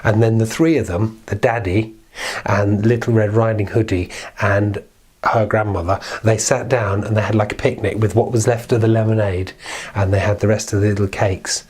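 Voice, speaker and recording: A man telling a fairy tale to children in an animated way, with sound effects and chatty asides. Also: fairly low pitch, normal speed, slightly rough. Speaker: children's storyteller. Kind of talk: storytime narration for children.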